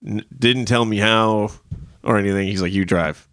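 A man's voice: level tone, normal speed, a bit bright, dry recording, clean studio sound. A man hosting a podcast, telling stories in casual chat, swearing freely and acting out quotes. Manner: swears freely, acts out quotes in high voices.

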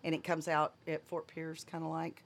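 Low-voiced Southern woman, chatty. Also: moderate pace. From southern United States. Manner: chatty and excitable, trails off mid-sentence. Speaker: podcast guest, boater. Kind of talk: casual conversation.

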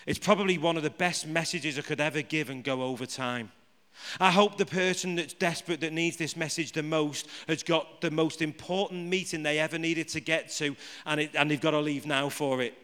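A man preaches to his congregation in a high, ringing voice. He jokes and fires rhetorical questions at the room. His voice carries a long reverb from the large hall. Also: a little fast, fairly bright tone, clear, resonant tone. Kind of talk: live sermon to a congregation.

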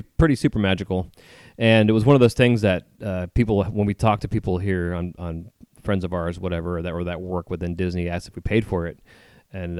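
A man's voice: low voice, darkish tone, clear, resonant tone, no room sound, studio quality. A man co-hosting a podcast, telling a story in a rambling way with many fillers and restarts. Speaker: podcast co-host. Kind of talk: casual chat.

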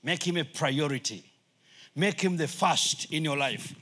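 A middle-aged man who is a missionary, preaching a sermon in English, which is not his first language, lively and acting out voices. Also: on the high side, a little slow. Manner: animated, acts out voices and laughs often.

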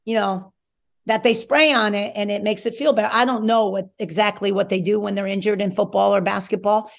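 A woman's voice: medium pitch, steady tone, brisk, creaky. A woman who coached in college, chatting casually and emphatically about sports on a talk show. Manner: conversational, emphatic, rambling asides. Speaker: former college coach, guest.

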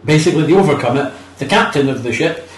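A man's voice: a little high, lively intonation, fast talker, recorded from a distance. A man co-hosting a podcast, recapping a film with wry, sarcastic humor. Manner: wry, dryly sarcastic, swears casually. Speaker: podcast co-host. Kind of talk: casual chat recapping a film. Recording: echoey room, set back from the mic.

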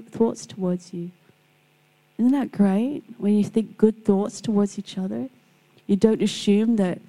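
Gravelly-voiced woman giving a devotional talk. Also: mid-range voice, poor audio. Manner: warm storytelling, acts out quoted people. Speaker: Christian speaker. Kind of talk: devotional talk with personal stories.

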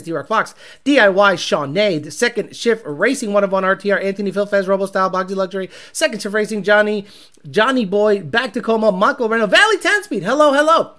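A man's voice: high voice, fairly bright tone. A man hosting a live car show in casual, brash and sarcastic talk, rambling through viewer names.

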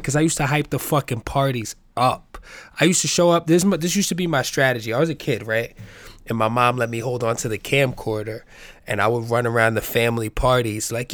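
A man hosting his own podcast, riffing alone in a loud, animated, profane way. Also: mid-range voice, fairly quick, no room sound. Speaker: podcast host. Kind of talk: solo comedic podcast monologue.

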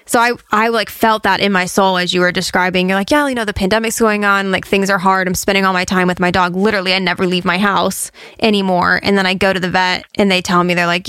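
Woman, podcast host, chatty and animated, dry close recording. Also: mid-range voice, quick pace, few pauses, clear, resonant tone, no room sound. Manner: chatty and expressive, acts out quotes. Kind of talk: casual chat.

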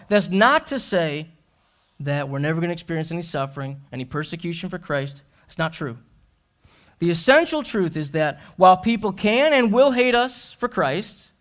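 Earnest male pastor, high voice, preaching in church. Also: fairly bright tone. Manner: earnest, self-deprecating storytelling. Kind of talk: sermon. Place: church sanctuary.

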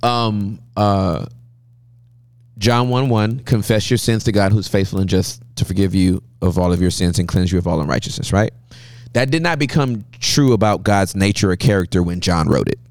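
A man speaking as a guest pastor, telling animated sermon-style stories with a preacher's cadence and frequent laughter. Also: low voice, moderate pace, dry recording.

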